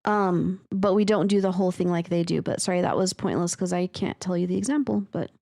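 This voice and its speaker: Excitable, swearing woman podcast host. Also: on the low side, a little fast. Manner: excitable, swears casually, reads aloud. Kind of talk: casual chat.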